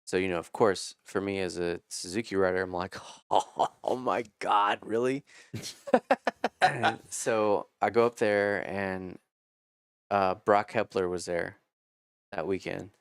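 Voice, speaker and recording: Man, 30s, low smooth voice, dry close sound; casual storyteller who curses and acts out quotes. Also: measured pace, no echo. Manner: animated, swears freely, acts out quotes. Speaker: podcast guest telling racing stories.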